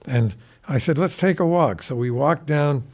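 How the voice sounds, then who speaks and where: A man in his seventies, a guest guitarist recounting stories in a recording studio, animated and rambling, with casual swearing. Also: a little high, moderate pace. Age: 70s. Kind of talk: casual anecdotal storytelling.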